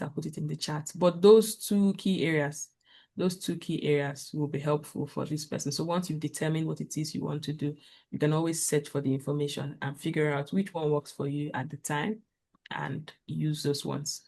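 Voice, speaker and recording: A woman's voice: low-pitched, creaky, a little mellow. Earnest woman giving practical advice. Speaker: guest speaker. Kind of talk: casual talk on a video call.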